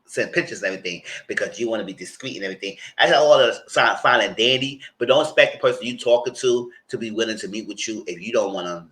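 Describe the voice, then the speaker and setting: New york guy recapping a show, lowish voice, kinda punchy and bright, acts out the quotes. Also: fast talker, few pauses, rough recording. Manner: animated storyteller, acts out quotes. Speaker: TV show reviewer. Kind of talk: casual recap commentary.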